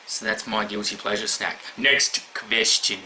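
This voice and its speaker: A man's voice: lowish voice, steady tone, measured pace, bright, forceful tone, slight background noise. A man rambling bluntly in a casual vlog, swearing constantly as he answers questions. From Australia. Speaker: YouTuber answering award questions.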